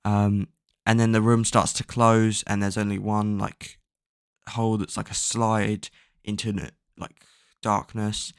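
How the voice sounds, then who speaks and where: Creaky-voiced man rambling through a plot recap. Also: on the low side, completely flat delivery, measured pace, no echo, clean studio sound. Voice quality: rambling, filler-heavy, swears casually. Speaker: book recap vlogger.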